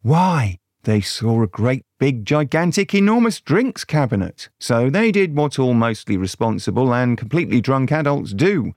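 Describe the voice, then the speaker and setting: A man's voice: medium pitch, darkish tone, dry recording, clean studio sound. A man narrating a crude mock fairy tale in a sardonic way. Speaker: storyteller.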